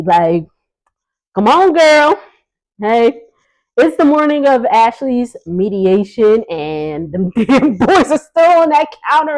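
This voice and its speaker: A woman's voice: mid-range voice, darkish tone, poor audio. Sassy chatty woman vlogger. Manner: chatty, sassy, laughs often. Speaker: recap vlogger. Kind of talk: casual reality TV recap. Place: home sitting area by the kitchen.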